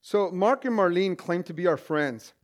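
Guy with a high voice telling a goofy hiking story to the room, pokes fun at himself. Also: normal speed. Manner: self-mocking, animated, joking asides. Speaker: speaker telling a story to an audience. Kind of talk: humorous personal storytelling to a live audience.

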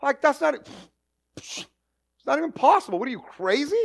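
Animated high-voiced man preaching. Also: normal speed, vocal fry. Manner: animated, jokey preaching with acted asides. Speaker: pastor. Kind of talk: sermon.

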